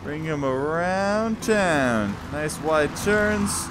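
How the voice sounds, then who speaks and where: A man giving excited, laughing commentary while playing a game, talking to the planes. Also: on the high side, drawn-out words, very noisy. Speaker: gameplay streamer.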